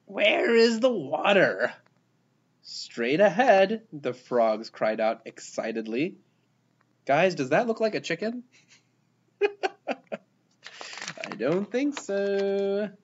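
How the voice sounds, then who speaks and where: A man reading a children's picture book aloud, expressive and playful, giving the characters their own voices. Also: on the high side, lo-fi sound. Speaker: storybook reader.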